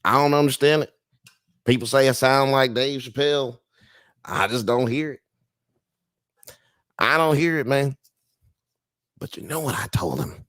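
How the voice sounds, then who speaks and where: Speaking a little slowly at medium pitch, a man from the US South and Midwest pauses often as he hosts a live show. His tone is fairly bright and laid-back as he reads chat comments aloud and riffs on them. The clean studio recording has no room sound.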